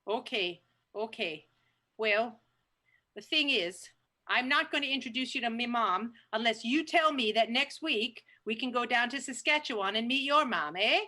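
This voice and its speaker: A woman acting a Saskatchewan woman, high-pitched, bright, self-righteous, long-winded, ends lines with eh, improv comedy scene. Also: animated, normal speed. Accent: Canadian put-on. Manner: rambling, indignant, ends lines with "eh". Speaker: improv performer.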